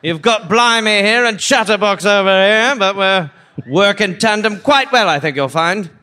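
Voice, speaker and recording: A man's voice: sits high, lively intonation, normal speed, sharp tone. A male comedian playing a chatty, boastful English army deserter who pretends to be from Kentucky, in a put-on English accent. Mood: smug. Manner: chatty, boastful, mock-posh. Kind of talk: improvised comic bit on a live podcast.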